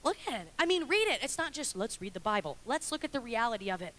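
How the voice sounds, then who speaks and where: Woman, pastor, impassioned sermon, high-pitched, bright forceful tone, church. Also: very animated, fast talker, few pauses. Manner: impassioned, swings from quiet to loud.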